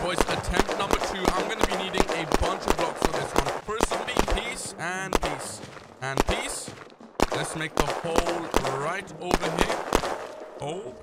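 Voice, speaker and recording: A young man giving excitable let's-play commentary as a gaming YouTuber, shouting when surprised. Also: sits high, heavy background noise. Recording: loud background music.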